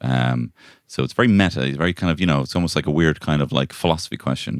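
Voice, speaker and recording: A very low-voiced Irish man talks in a loose, rambling way, slipping into other people's voices as he tells a story. His voice sounds close and dry, with no room around it. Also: fast, hardly any pauses, dry recording. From Ireland. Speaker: podcast co-host. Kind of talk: casual comedic chat. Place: bedroom.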